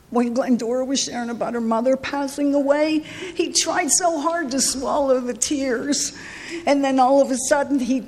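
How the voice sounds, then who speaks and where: A woman with a high voice tells her recovery story at a meeting, candid and emotional. Her pitch and pace swing widely as she talks. The sound carries a long reverb from a large hall. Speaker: recovery speaker. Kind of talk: personal recovery share at a meeting.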